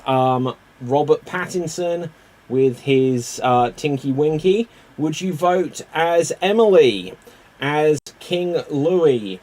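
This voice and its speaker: A man's voice: on the high side, darkish tone. A man hosting a live improv comedy stream, handing out characters and calling for audience votes, with a loose manner and frequent laughs. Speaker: improv show host.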